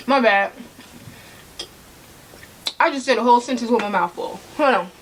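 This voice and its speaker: A woman's voice: a little high, fast, a little hiss or hum. A woman vlogger giving casual advice to camera, chatty and prone to tangents, repeating points for emphasis and addressing her viewers directly.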